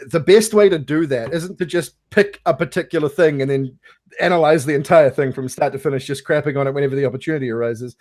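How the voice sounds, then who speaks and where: A man's voice: fairly high pitch, darkish tone, dry recording. Rambling male host, dry close sound. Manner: rambling, heavy on fillers like "like" and "you know". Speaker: podcast host leading a discussion. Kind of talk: casual chat.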